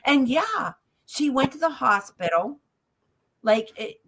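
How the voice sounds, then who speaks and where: Lively woman telling a ghost story. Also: high voice, takes it slowly, a little hiss or hum. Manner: lively storyteller who acts out every voice in the story; laughs often and jokes about herself. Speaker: psychic ghost tour guide. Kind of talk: animated anecdote on a talk show.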